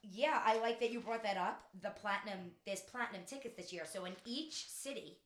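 A woman's voice: mid-range voice, fairly quick. A bubbly woman co-host rambles through casual show chat, laughing easily and backtracking with apologies. Her voice sits mid-range and rings in a roomy, echoey space. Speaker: podcast co-host.

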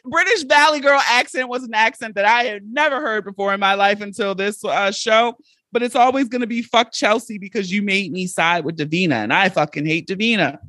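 A woman hosts her own podcast and talks alone into a close mic. She is blunt and animated and swears freely. The sound is dry, with no room around it. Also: medium pitch, dry recording. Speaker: podcast host. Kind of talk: solo podcast monologue.

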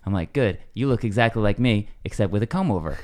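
A man, a comedian, chatting casually on a podcast, telling self-deprecating stories with quiet deadpan asides. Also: on the low side, fast talker. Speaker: comedian guest.

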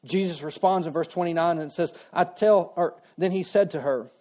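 A man preaching a sermon in a relaxed, conversational way, slipping into quoted voices as he retells a story. His voice sits a little high for a man. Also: normal speed. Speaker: pastor.

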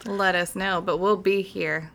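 A woman from Utah co-hosting a podcast in casual chat, swearing freely and telling stories in a lively way. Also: mid-range voice, a little slow, creaky. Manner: swears freely, animated storytelling with acted-out quotes. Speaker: podcast co-host.

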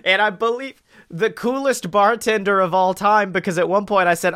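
A man on a podcast, telling a long comic story in a lively, laughing way and swearing freely. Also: sits high, moderate pace, smooth. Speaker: podcast co-host. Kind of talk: casual comedic podcast chat.

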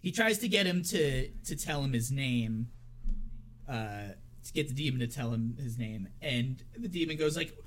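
A man co-hosting a casual horror movie podcast, chatty and quick to laugh, with lots of filler words. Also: medium pitch, lively intonation, a bit bright. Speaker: podcast co-host.

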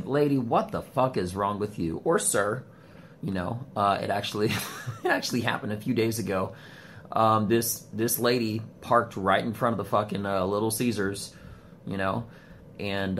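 Man, low-ish voice, swears freely, rambles and spikes up when worked up, filming himself on a phone at home with a faint hum behind. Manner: profane, rambling, animated swings in pitch. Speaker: vlogger. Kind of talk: casual ranting monologue. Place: home studio room, indoors. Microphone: phone camera.

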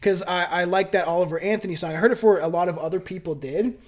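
A man from Canada with a high, light voice chats loosely on a podcast. He is profane and relaxed, often laughing as he stumbles through his script, recorded on a home mic setup at a friend's place. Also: fast. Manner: casual and profane, laughs while reading notes. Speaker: podcast host. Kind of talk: casual podcast chat with scripted reading. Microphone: different home mic setup.

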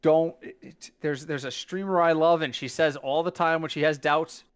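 On a podcast, this male co-host talks in a smooth voice on the high side, at a moderate pace with few pauses. In casual chat he's emphatic and lively, though he stumbles and restarts when trying to remember things.

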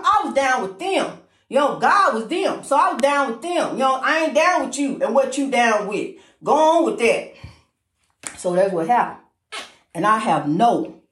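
Woman, high voice, informal emphatic preacher, repeats lines, says honey a lot, echoey room. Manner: repetitive, emphatic, calls the listener honey; talks fast when excited. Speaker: inspirational speaker.

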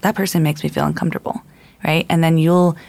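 A woman's voice: low-pitched, level tone, quick pace, gravelly, a little mellow, no echo. A woman giving earnest advice in casual talk, laying it out in numbered steps and acting out inner voices.

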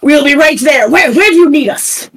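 A woman's voice: sits high, animated, moderate pace, fairly bright tone, rough recording. A woman playing a pompous, boastful male investigative reporter in a tabletop game, with a grandiose, theatrical delivery. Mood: excited. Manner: grandiose, theatrical, self-important. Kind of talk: tabletop role-play.

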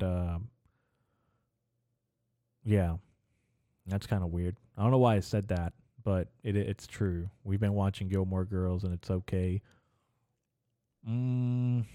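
A young man rambles through a solo podcast, swearing freely and drifting off topic as he thinks aloud. His voice sits low and mellow. The sound is dry, with no room around it. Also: steady tone, slow, long pauses, no echo. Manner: profane, meandering, talks to himself. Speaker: podcast host.

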